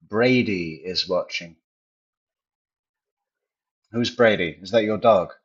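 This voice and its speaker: A man with a low, slightly husky voice chats casually with his livestream viewers, taking his time. His delivery is relaxed and unhurried, and the audio is dull and lo-fi. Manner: relaxed, chatty, addressing viewers by name. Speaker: livestream host. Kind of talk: casual stream sign-off.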